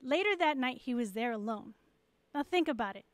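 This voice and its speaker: Woman, church message to moms: high, clear voice, dry close sound, candid and encouraging. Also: expressive, fairly quick, dry recording. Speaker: pastor's wife.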